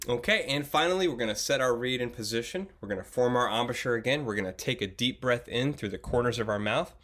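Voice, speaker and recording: A young man teaching a beginner oboe lesson, patient and encouraging, often pausing with fillers and restarting his sentences. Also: mid-range voice, fairly bright tone. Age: young adult. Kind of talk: instructional video lesson.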